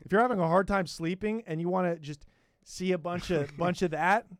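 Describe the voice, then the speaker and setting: A man's voice: high voice, a little fast, no echo, clean studio sound. A man hosting a comedy podcast, riffing in a profane, rambling and sarcastic way. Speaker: podcast host.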